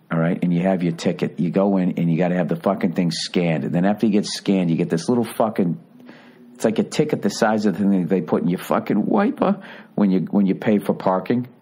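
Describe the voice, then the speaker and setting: Forties guy w a ranting into a podcast mic, low voice, swears a lot, rambles and gets worked up. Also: a little mellow. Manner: profane, rambling, mock-indignant ranting. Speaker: podcast host. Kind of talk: casual comedic monologue.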